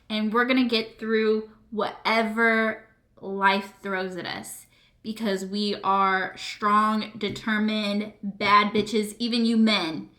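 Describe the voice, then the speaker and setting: A woman's voice: medium pitch, bright, forceful tone, reverberant. A woman vlogging emotionally, teary and earnest, rambling with lots of fillers as she talks to her viewers. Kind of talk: emotional personal vlog. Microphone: camera mic.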